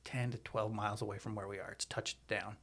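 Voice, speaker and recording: A man, a podcast guest, telling a story in a chatty, animated way. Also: fairly low pitch, fairly quick. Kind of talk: casual storytelling.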